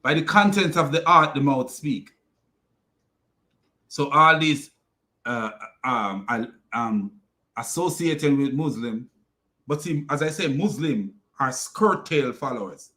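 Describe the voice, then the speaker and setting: A man's voice: medium pitch, animated, slow pace, pushed and bright. A man hosting a ranting video commentary, mocking and repeating himself, often breaking into laughter. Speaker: commentary channel host.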